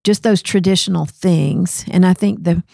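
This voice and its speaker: Woman co-host for a casual panel chat; husky-low, gravelly texture, dry studio sound, reflective and tentative. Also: moderate pace, dark tone, no room sound. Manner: thinks aloud, self-questioning, laughs easily. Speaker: curriculum podcast co-host.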